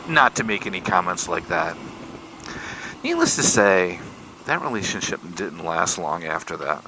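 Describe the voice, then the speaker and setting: An older motorcycle vlogger from Michigan tells a tale while riding country roads, poking fun at himself and animatedly retelling the dialogue in a casual, folksy way. His medium-pitched voice is bright and swings up and down a lot. Faint road and vehicle noise hums under the rough recording.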